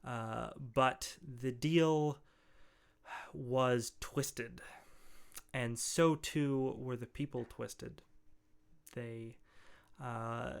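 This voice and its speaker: A man playing a deep-voiced ogre mage. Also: gravelly, clear, resonant tone. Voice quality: heavy bass voice. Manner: measured, formal speech with pauses. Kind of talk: tabletop game role-play.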